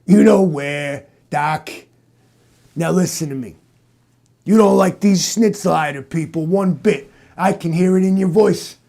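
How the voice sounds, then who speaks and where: A man's voice: high voice, a little slow, vocal fry, warm tone. A man doing a brash, bullying tough-guy cop. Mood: needling. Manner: cocky and bullying, jabs with "Doc".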